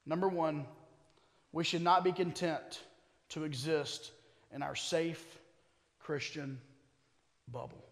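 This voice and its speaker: A man with a high, light voice preaches to his congregation. He moves between easy, joking asides and rising, emphatic calls, and his words ring out with a long echo in a church sanctuary. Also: slow pace, pauses often. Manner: preaching that builds to forceful emphasis; conversational asides with humor. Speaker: pastor. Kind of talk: sermon.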